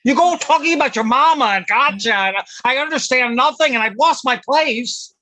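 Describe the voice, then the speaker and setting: A man's voice: very high voice, normal speed, bright, forceful tone. A man voicing a grumpy, harried bookkeeper in a stage play reading, speaking curtly and irritably. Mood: irritable. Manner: irritable, curt.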